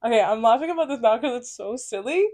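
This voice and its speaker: Young woman podcast co-host, slightly high voice, animated casual chat. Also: fast. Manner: animated, laughs often, breaks into high squeals when excited.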